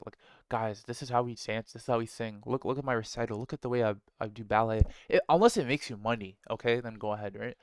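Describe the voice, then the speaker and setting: A man's voice: mid-range voice, clean tone, no room sound. A man giving a blunt, profane motivational talk, full of slang and rhetorical "right?"s. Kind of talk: casual motivational monologue.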